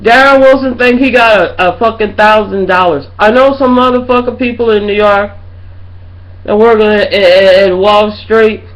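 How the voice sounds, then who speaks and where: A woman's voice: medium pitch, moderate pace, rough recording. A middle-aged woman ranting to her webcam in a rambling, profane way, often asking if you know what she's saying. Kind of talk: casual rant to webcam.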